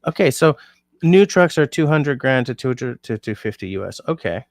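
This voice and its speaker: A man's voice: mid-range voice, very animated, moderate pace, dry recording, studio quality. A tired man hosting a casual livestream, rambling and reading out comments from his chat. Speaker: livestream host.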